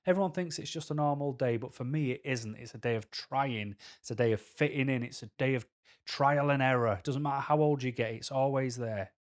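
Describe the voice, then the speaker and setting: A man with a Mancunian accent talks frankly to his camera, sharing a personal story. His mid-pitched voice wanders off into tangents and back in an unscripted, conversational way. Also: fairly quick. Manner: rambling and candid, with tangents. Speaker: vlogger. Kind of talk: personal talking-to-camera monologue.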